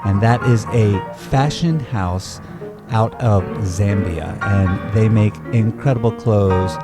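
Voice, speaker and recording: A man's voice: on the low side, slow pace, over loud music. A man co-hosting a podcast in casual chat, talking in an enthusiastic, rambling way. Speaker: podcast co-host.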